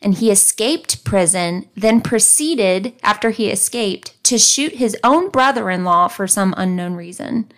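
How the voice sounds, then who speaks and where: Woman from the southern US, podcast host, true crime storytelling, mid-pitched, casual and wry. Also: expressive, measured pace, hardly any pauses. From American South. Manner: conversational, reads facts then comments wryly.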